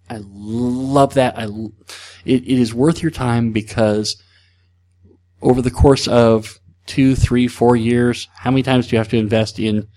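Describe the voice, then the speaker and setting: A man's voice: mid-range voice, vocal fry, darkish tone. A man hosting a solo podcast, chatting casually in a rambling way with frequent restarts. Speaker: podcast host.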